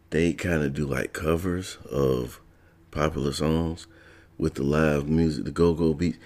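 A man's voice: a bass voice, gravelly, darkish tone. A man from Georgia telling a personal story in a laid-back, casual way, laughing now and then.

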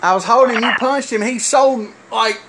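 A middle-aged man, a former wrestler telling stories in casual chat, halting and full of fillers. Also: extremely high pitch. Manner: rambling, halting with many fillers. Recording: loud hiss with clicks.

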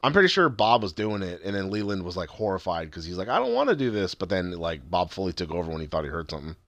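A man's voice: low-pitched, animated, quick pace, a bit bright, no room sound. A man co-hosting a casual podcast, recapping a TV episode with lots of swearing and acted-out quotes. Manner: swears often, retells scenes in acted quotes. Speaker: podcast co-host.

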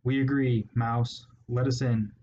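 A man's voice: mid-range voice, level tone, unhurried, warm tone, natural voice. A man reading as Clooney, a scornful warlord rat. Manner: scornful, gruff. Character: scheming one-eyed warlord rat, male, menacing. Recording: dull lo-fi audio, faint hiss.

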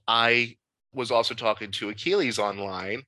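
A young man, a podcast guest, telling a candid, animated story in casual conversation with frequent fillers. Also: mid-range voice, moderate pace, no room sound, poor audio.

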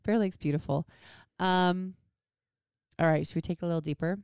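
A woman in her thirties co-hosts a relaxed podcast chat, lobbing questions at her friends and joking along. Her voice sits low, a little deepened by a cold, and the recording is dry and close. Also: moderate pace, smooth, dry recording. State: sick voice, deeper than usual. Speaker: podcast co-host. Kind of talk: casual chat.

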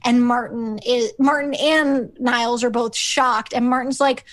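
A woman's voice: on the high side, fairly even intonation, unhurried, no room sound. A woman co-hosting a podcast, recapping a sitcom episode in a rambling, casual way with lots of fillers, acting out the characters' lines. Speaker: podcast co-host.

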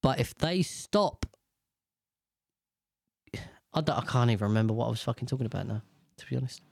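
A man's voice: medium pitch, expressive, a little fast, creaky, darkish tone, no echo, studio quality. Profane British man ranting. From United Kingdom. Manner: profane, rambling, opinionated. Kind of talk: casual ranting monologue.

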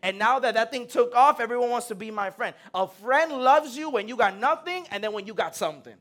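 A young man preaching in a relaxed, conversational way, full of slang and acted-out quotes. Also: extremely high pitch, fairly quick. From United States. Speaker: pastor. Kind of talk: sermon.

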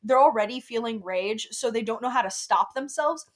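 A woman co-hosting a podcast in a giggly way, chatting casually with quick asides. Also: on the high side. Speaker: podcast co-host. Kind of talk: casual chat.

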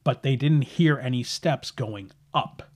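A man's voice: medium pitch, a little slow, breathy edge. Chatty man narrating a horror game. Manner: casual, chatty, trails off and restarts. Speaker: game master.

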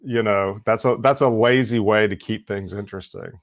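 Man, low voice, rambling casual podcast storyteller, fillers galore, dry close mic. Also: steady tone, moderate pace, no echo. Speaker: podcast co-host. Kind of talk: casual chat.

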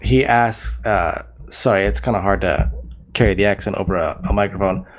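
A man's voice: low-pitched, fairly even intonation, moderate pace. A man running a tabletop game as game master over an online voice call, narrating hesitantly with many ums.

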